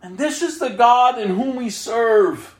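A woman's voice: a little high, animated, measured pace, a little mellow. A woman preaching a sermon, emphatic, acting out the prayers she quotes. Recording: roomy echo.

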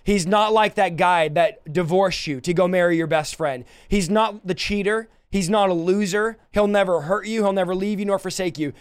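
A man preaching a livestreamed sermon, impassioned, swinging between soft and loud passages. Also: high-pitched, moderate pace, few pauses, smooth, dry recording, clean studio sound.

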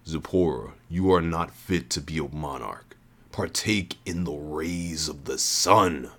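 A man's voice: extremely low pitch, slow, fairly bright tone, pitched below the performer's own voice, heavily acted. A man voicing a scornful male villain. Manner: scornful, accusing. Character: cold, contemptuous male villain judging rulers.

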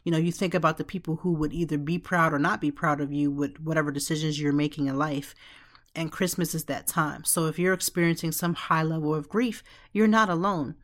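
A middle-aged woman with a deep, steady voice hosts a reflective podcast monologue from her home office. She talks fairly quickly in a heartfelt, conversational way, often saying "like" and "you know."

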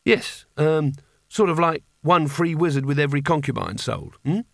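A man voicing a sharp-tongued young woman warrior who speaks bluntly and sounds exasperated. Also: a little high, lively intonation, moderate pace, vocal fry, dry recording, studio quality.

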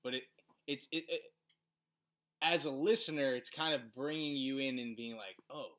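A man with a bright, clear voice at an ordinary pitch, co-hosting a casual podcast. He tells stories loosely, peppered with "uh" and "like". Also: normal speed. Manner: relaxed storytelling with frequent fillers. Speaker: podcast co-host. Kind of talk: casual conversation.

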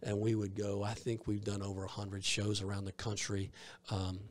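A man's voice: on the low side, level tone, moderate pace. A man with a Southern US accent, a minister telling stories in an interview in a rambling way, with frequent restarts. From Georgia, US. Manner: rambling, with many fillers and restarts. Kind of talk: storytelling in an interview.

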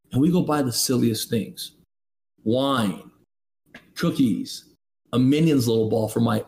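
A man's voice: mid-range voice, darkish tone. Emphatic man telling life lessons. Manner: emphatic, preachy, rhetorical questions. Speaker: podcast guest. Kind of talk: candid motivational storytelling.

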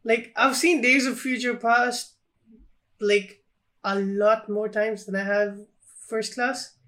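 A co-host on a film podcast teases the other host and pushes back with questions. The talk is relaxed and casual, at a middle pitch. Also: slow pace.

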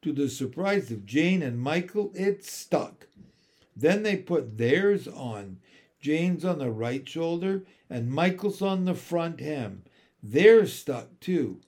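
A man reading a children's storybook aloud as narrator, in an expressive, unhurried way. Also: on the high side. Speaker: audiobook narrator.

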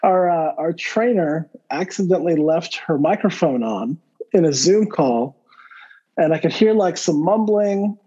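A man with a notably high voice chats on a podcast, telling stories in an animated, excitable way. His sound comes through a little dull and lo-fi, as if from a modest home mic. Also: unhurried, slightly rough. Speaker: podcast co-host. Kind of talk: casual chat.

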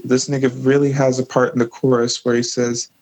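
A man's voice: mid-range voice, level tone, brisk, a little mellow, no room sound, rough recording. Joking podcast co-host man. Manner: loose, joking, swears freely. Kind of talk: casual chat.

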